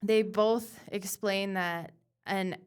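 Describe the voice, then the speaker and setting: A woman guest on a podcast who talks about bodywork in an earnest, animated way, full of "like" fillers. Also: medium pitch, slow pace, smooth. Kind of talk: casual conversational podcast.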